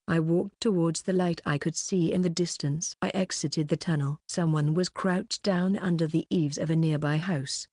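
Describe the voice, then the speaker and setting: Woman audiobook narrator, low-ish, dry close sound, steady first-person reading. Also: no echo.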